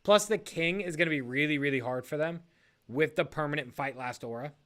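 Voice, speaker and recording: A man with a fairly high voice and a bright, pushing edge chats loosely on a podcast. He rambles, breaks off his sentences to fix them, and laughs as he goes. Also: fairly quick. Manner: rambling, self-correcting, laughs often. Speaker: league podcast co-host. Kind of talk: casual podcast chat.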